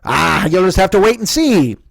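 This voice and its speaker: Teasing, evasive pizza-place social media voice, slow and sing-song, a bit high and loud, as a comedian puts it on. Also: male voice, very animated, creaky, no room sound, heavily acted. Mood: coy teasing.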